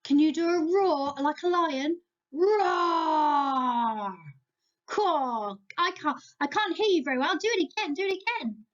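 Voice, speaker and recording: This is a very high-pitched woman's voice with an English accent, and the audio sounds dull. She leads young children through a Bible lesson at church, speaking slowly, playfully and with animation, encouraging them to join in, as heard on a home video.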